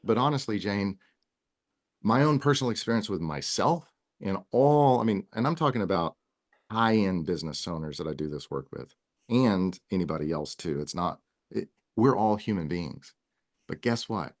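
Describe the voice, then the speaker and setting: A man's voice: low voice, lively intonation, normal speed. A man speaking as a guest in a casual podcast interview, earnest and rambling, with frequent restarts. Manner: earnest, talks in long runs with many restarts. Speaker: wellness guest.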